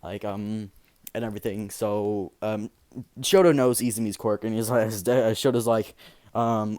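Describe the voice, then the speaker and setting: A man's voice: on the low side, steady tone, moderate pace, darkish tone. Rambling young man telling a story. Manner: rambling, full of fillers and restarts. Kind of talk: improvised fan story narration.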